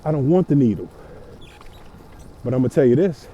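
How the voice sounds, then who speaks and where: A man's voice: medium pitch, lively intonation, a little fast, dark tone, highs cut off, slight background noise. A man, ranting preachily and emphatically about fitness while riding a bike outdoors in the cold. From Louisiana. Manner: preachy, emphatic, repeats himself. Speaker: fitness vlogger. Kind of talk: motivational rant.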